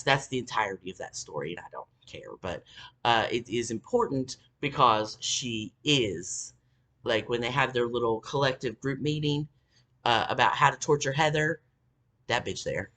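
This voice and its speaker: A woman rants through a casual story, swearing freely and looping back with ums and likes. Her pitch swings up and down with a lot of life. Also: a bit bright. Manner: profane, rambling, full of fillers. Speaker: vlogger.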